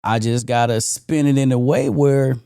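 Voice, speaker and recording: A middle-aged man with a dark, mellow voice reflects on a personal story during a podcast panel. He talks in a relaxed, easy way, often leaning on "you know," and the recording is dry and close. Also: mid-range voice, moderate pace, vocal fry, clean tone, dry recording. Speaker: podcast co-host. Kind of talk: casual round-table chat.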